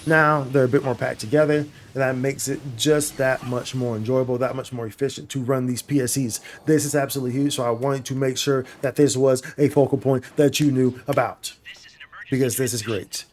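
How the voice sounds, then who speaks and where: Excitable gamer man chatting casually. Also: mid-range voice, fairly quick, slight background noise. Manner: enthusiastic, casual slang, addresses viewers as y'all and bro. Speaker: gaming YouTuber. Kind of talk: excited gameplay update commentary.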